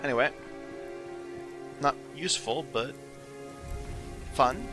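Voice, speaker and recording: A man's voice: medium pitch, animated, slow pace. A man giving casual gameplay commentary as he plays, rambling and searching for words. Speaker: gaming video host. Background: game music and audio.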